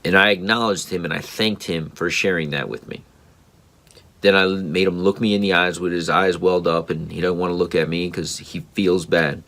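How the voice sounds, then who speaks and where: A man's voice: low voice, fairly even intonation, moderate pace, fairly bright tone. A man in his thirties, a parenting podcast host, telling a personal story in an earnest, rambling way with many ums and restarts.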